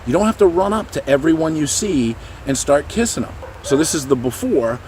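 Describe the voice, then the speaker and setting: A middle-aged man talking casually to camera as a dog trainer, animated and breaking into goofy high voices now and then. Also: a little fast, slight background noise. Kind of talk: casual explanatory talk to camera.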